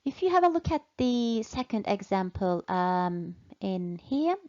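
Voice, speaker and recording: A woman teaching English in a slow, deliberate way, patiently repeating and stretching out key words for learners. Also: medium pitch, big pitch swings, warm tone, lo-fi sound. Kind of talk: slow, deliberate language lesson.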